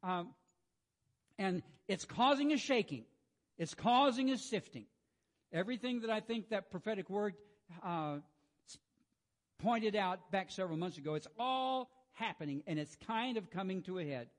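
A man giving a devotional sermon. He reads scripture in a soft, hushed voice, then urges his listeners on with rising emphasis, clearing his throat often. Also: high voice, animated, moderate pace. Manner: frequent throat clearing and restarts. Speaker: preacher.

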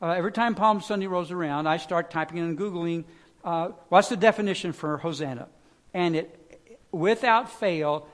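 A male pastor delivers a sermon in a high voice for a man. He talks conversationally, with fillers and restarts, then rises into loud pleading lines before sinking back to quiet, low emphasis.

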